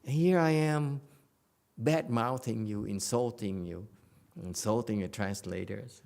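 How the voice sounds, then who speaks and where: A man's voice: on the low side, unhurried, gravelly, darkish tone. A man giving a Buddhist dharma lecture in a meditation hall, blunt and teasing, with many fillers and restarts. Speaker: Buddhist master.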